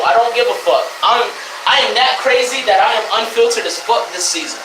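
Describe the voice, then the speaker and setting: A young man from Connecticut ranting profanely to his live chat in a loose, animated way, jumping between loud outbursts and low mutters. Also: moderate pace, roomy sound, background noise. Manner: profane, animated, swings between shouting and mumbling. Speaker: livestreamer. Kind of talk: unfiltered casual rant to live chat. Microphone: streaming mic.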